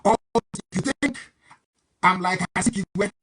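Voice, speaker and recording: A man addresses his audience in a live online broadcast. His voice sits high and carries a sharp, forceful brightness. He talks in a defiant, emphatic, combative way. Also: a little slow, husky. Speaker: political broadcaster.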